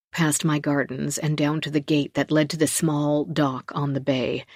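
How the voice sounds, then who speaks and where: A woman narrating a first-person thriller audiobook in a measured, low-key, tense voice, recorded close in a studio booth. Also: a little mellow, dry recording. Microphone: close studio mic.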